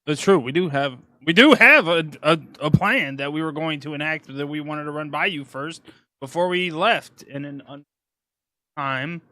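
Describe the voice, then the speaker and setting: Brief: male player, bright and slightly high, playful, dry recording. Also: fairly even intonation, normal speed, dry recording. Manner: joking, laughing, eager. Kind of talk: playing a tabletop game.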